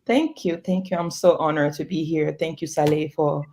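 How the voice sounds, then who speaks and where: Low-voiced woman from Congo. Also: fairly even intonation, normal speed, darkish tone, slight background noise. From Democratic Republic of Congo. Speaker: guest. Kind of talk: interview.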